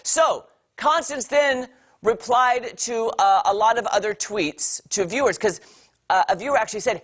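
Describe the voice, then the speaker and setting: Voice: medium pitch, moderate pace, a bit bright. Morning tv entertainment host, chatty and opinionated, talks right at the viewers, pretty emphatic. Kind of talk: opinionated entertainment news commentary. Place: TV studio.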